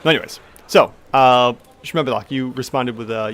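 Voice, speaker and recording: A man's voice: mid-range voice, normal speed, a bit bright. A man narrating as game master, loose and rambling with many fillers.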